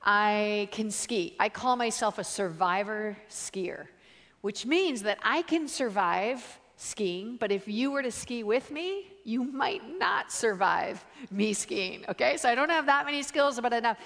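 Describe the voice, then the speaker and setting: A Canadian woman preaching as a guest speaker, telling stories in an animated, chatty way with lots of fillers and acted-out quotes. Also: measured pace. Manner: animated, chatty, full of "like" and "uh", acts out quotes in higher voice. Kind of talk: storytelling sermon. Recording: long reverb of a large hall.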